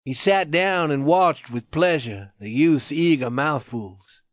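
A man's voice: fairly high pitch, slow, no echo. Man narrating a book, dull lo-fi sound. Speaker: audiobook narrator. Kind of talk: scripted narration.

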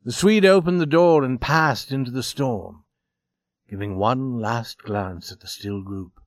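A man reading a story aloud as narrator, steady and expressive. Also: medium pitch, unhurried, no echo, studio quality.

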